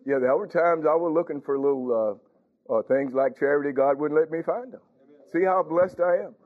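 Preacher guy, kinda high voice, keeps asking the church do y'all hear me. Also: normal speed. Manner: conversational, questioning the congregation, chuckling. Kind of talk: sermon. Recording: tinny phone-like recording.

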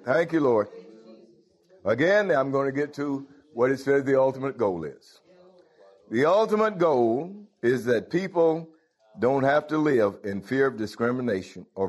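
A man preaching a sermon, breaking in with "Hallelujah" and "Thank you, Lord" and putting questions straight to his congregation. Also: medium pitch. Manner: calls out to the congregation directly.

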